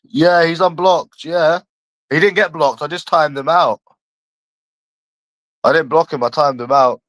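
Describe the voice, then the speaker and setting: A man's voice: fairly high pitch, a little slow, a bit bright, no echo. A man from London chatting casually on a livestream, rambling and addressing a viewer by nickname.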